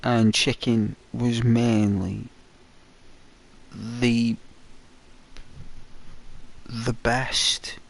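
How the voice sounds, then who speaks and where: Slow gravelly man rambling. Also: medium pitch, little pitch movement. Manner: rambling, filler-heavy. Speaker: gaming commentator. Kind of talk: casual rambling commentary.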